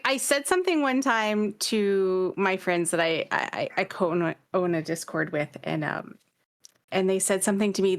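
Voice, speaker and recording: A woman from Canada speaking in a casual panel discussion, reflective and halting, with many restarts. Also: medium pitch.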